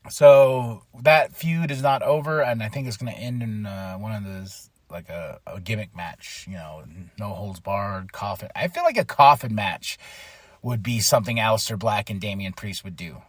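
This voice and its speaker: Excitable man recapping wrestling, dry mic. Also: fairly low pitch, moderate pace, no room sound. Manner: excitable, laughs often, mimics wrestlers in quotes. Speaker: podcast host.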